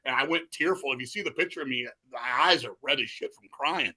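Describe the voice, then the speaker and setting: A middle-aged man telling animated, profanity-heavy stories in a casual interview. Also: mid-range voice, fairly quick, husky. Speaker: guest musician.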